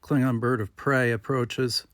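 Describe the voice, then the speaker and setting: A man reading screenplay stage directions aloud in a plain, steady manner. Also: mid-range voice, a little slow, no echo, clean studio sound. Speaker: script reader.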